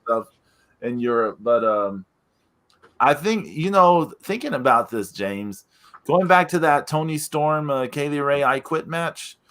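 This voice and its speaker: A man's voice: on the high side, sing-song, a little slow, fairly bright tone. A man hosting a wrestling podcast in casual chat, rambling with many restarts. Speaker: podcast host.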